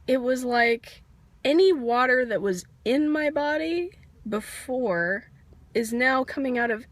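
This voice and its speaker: A high-pitched woman speaks slowly with lively intonation in a dry, echo-free recording. She's a vlogger sharing a candid, rambling personal story, laughing softly at herself now and then. She's getting over a cold and coughs occasionally.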